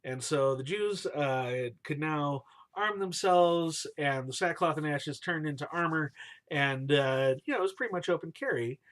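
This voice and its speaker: Male storyteller, casual and slangy, cheers and boos names, bright and animated. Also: fairly high pitch, a little slow. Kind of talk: casual, jokey retelling of a scripture story.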